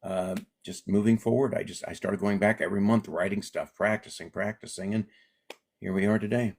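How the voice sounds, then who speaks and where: A man's voice: fairly low pitch, brisk, a little hiss or hum. A middle-aged man who grew up in Alaska, a comedian chatting casually in an interview and acting out the voices in his stories. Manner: animated storyteller, acts out quoted voices. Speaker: comedian guest.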